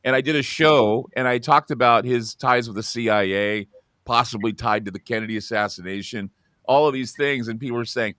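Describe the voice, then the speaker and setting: A male talk show host with a bright, forceful voice that swings widely in pitch. His speech sounds dry and close, with little room sound around it. He chats casually and gets animated when he mimics other people. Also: normal speed, no echo. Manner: animated, voice jumps high when quoting people. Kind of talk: casual political chat. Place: Oregon studio.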